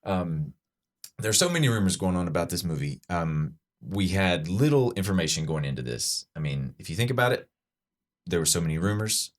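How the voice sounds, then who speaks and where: A man's voice: deep voice, sing-song, normal speed. A man hosting a podcast, chatting enthusiastically with lots of fillers and restarts. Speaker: podcast host. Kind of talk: casual chat breaking down a trailer.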